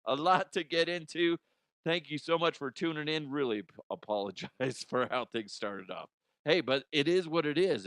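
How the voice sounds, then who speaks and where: A man's voice: a little high, animated, normal speed, fairly bright tone, no echo, clean studio sound. A man hosting a comedy podcast, rambling casually and laughing at his own jokes. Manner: rambling, giggly, self-deprecating. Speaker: podcast host.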